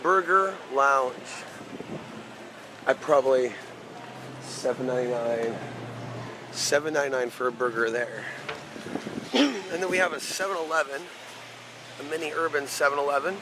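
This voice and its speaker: A man in his thirties rambles casually to his handheld camera on a walking-tour vlog through city streets, his mid-range voice expressive at a moderate pace with frequent pauses. Outdoor city noise and street traffic fill the background.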